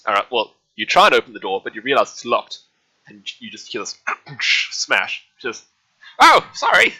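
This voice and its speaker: A man's voice: fairly low pitch, moderate pace, sharp tone, slightly rough, rough recording. A man narrating as game master in a casual, rambling way, full of fillers.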